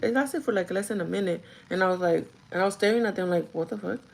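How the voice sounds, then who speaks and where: A woman's voice: medium pitch, fast talker, vocal fry, low-quality recording. A woman who works as a store manager tells a casual, gossipy story to her livestream chat, full of "like" and the odd swear word. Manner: chatty and gossipy, with frequent "like" and swearing.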